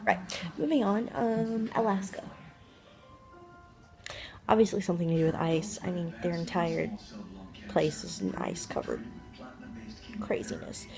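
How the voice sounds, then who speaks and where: A woman's voice: lowish voice, very animated, unhurried, vocal fry, long pauses, music in the background, poor audio. A woman vlogger musing aloud in a casual, jokey monologue, rambling and trailing off as she thinks.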